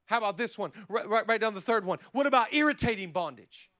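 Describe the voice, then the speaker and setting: A man preaching a sermon as pastor, talking casually and then building to shouted lines. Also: expressive, fast talker. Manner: acts out quoted voices with sudden pitch jumps.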